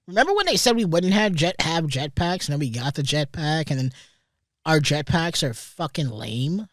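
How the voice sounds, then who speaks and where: A man's voice: a little high, big pitch swings, moderate pace, no room sound, clean studio sound. Rambling, foul-mouthed young man. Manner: rambling, profane, sarcastic asides. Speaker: podcast host. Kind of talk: casual solo commentary. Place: recording studio.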